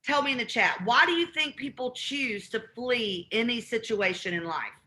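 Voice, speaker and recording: A woman with a Southern accent running a live real estate training call, acting out both sides of cold calls in an animated way. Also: a little high, normal speed.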